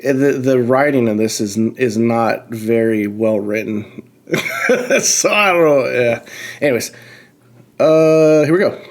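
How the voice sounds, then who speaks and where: A man of middle pitch hosts a podcast, reading a story aloud in an offhand, disbelieving tone. He swears freely, trips over the words and keeps breaking off to poke fun at the writing. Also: takes it slowly. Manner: incredulous, swears often, breaks off to comment and laugh. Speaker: podcast host.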